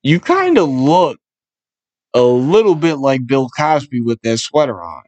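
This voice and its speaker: A man's voice: mid-range voice, big pitch swings, measured pace, a little mellow, dry recording. A man hosting a casual podcast, joking around and swearing loosely. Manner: profane, joking, loose banter. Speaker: podcast host.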